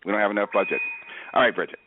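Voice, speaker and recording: A man's voice: fairly low pitch, steady tone, racing. A man hosting a radio interview show, playful and teasing, with jokes and games, heard over a tinny phone-like line.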